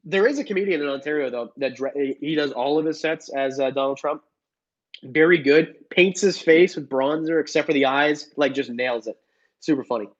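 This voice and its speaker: A young man with a slightly high voice talks briskly while hosting a relaxed reptile livestream, joking and reading chat comments aloud. The stream audio is dull and lo-fi.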